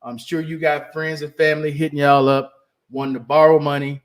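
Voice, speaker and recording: A man holds forth on his podcast in a casual, candid monologue, leaning on emphasis and circling back over his own phrases. His voice sits a little higher than most men's. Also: flat delivery, brisk. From United States. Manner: candid, emphatic, repeats himself while searching for words. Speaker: podcast host.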